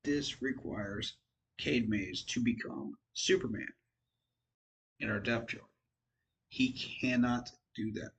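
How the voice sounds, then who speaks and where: A man's voice: mid-range voice, slow pace, pauses often, dull audio, slight background noise. A tired man giving casual, frank football commentary on his own channel, rambling and poking fun at himself. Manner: rambling, frank, self-deprecating. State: tired, yawning. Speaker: sports fan vlogger.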